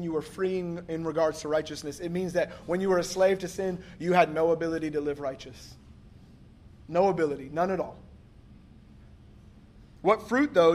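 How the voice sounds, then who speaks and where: A man preaching a sermon, reading scripture slowly and commenting emphatically, often laughing. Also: on the high side.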